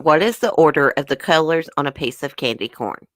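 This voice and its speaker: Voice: medium pitch, expressive, fairly quick, fairly bright tone, no room sound. Chatty livestream host with a dry close sound. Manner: chatty, reads questions aloud and answers viewers in chat; talks while chewing a brownie. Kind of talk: casual livestream trivia chat.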